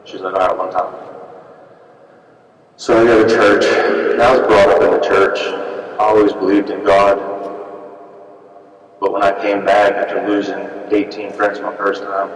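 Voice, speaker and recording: A man's voice: on the low side, level tone, a little slow, long pauses. A man in his thirties, a military veteran, telling his personal story to an audience in an earnest, plainspoken way. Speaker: veteran speaker. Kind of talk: personal testimony talk. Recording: echoey hall, voice from far off.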